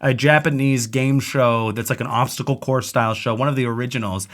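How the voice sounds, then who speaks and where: A man's voice: mid-range voice, fairly even intonation, a little fast, a bit bright. A man from Canada co-hosting a comedy podcast in a mid-range voice. He rambles through stories with easy fillers, restarting sentences and chuckling along. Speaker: podcast co-host. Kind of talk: casual comedy chat.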